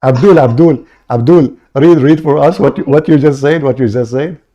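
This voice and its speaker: Brief: male debate host, mellow tone, taunting and cutting in constantly. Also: medium pitch, normal speed, highs cut off. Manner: mocking, interrupting, repeats words. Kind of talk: heated live debate.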